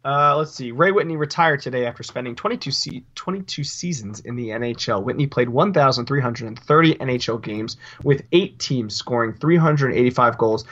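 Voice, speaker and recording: A man's voice: mid-range voice, brisk, hardly any pauses, fairly bright tone, highs cut off. A man co-hosting a casual hockey podcast, reading results and news with dry, grumbling humor.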